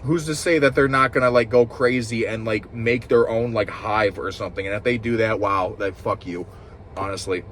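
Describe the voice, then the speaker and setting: A man giving a rambling, frustrated review, swearing often and restarting his sentences while clearly upset. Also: on the low side, steady tone, moderate pace, fairly bright tone, a little hiss or hum. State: upset and agitated. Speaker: show reviewer. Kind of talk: ranting casual review.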